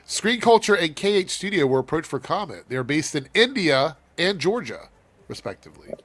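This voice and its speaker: Guy hosting a chill stream, kinda high voice, swears a lot, laid back. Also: big pitch swings, normal speed, a bit bright. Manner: loose and profane, laughing. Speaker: host. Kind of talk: casual chat.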